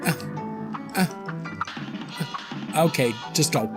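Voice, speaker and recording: Excitable male let's-play co-host, animated and jokey, music under the talk. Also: very slow. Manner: excitable, jokey, breaks into squeaky voices. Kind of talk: casual gameplay chat, reading story aloud. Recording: music playing behind.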